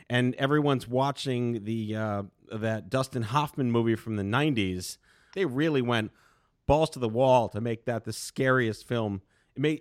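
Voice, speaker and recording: A man's voice: medium pitch, no room sound, studio quality. A man hosting a podcast, chatting casually with a guest and tossing in wry, joking asides. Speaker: podcast host. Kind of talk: casual interview chat.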